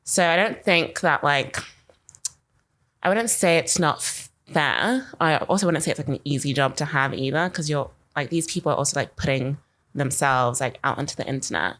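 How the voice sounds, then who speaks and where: Young woman with a low voice, rambly casual podcast chat, says like a lot. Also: normal speed, a bit bright. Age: young adult. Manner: chatty, rambling, uses "like" constantly. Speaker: marketing podcast co-host.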